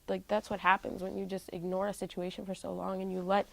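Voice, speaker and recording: Young woman with a gravelly creaky voice. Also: medium pitch, little pitch movement, quick pace, dry recording, poor audio. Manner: heavy use of "like" fillers, candid. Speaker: interviewee, musician. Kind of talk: emotional personal storytelling.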